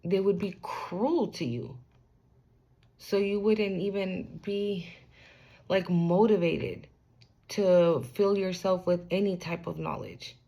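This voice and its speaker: A young woman with a lowish voice and a gravelly, fry-heavy edge talks straight to the viewer through a spiritual card reading. She keeps it loose and slangy and swears freely. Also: steady tone, takes it slowly, warm tone. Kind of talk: casual spiritual reading to camera.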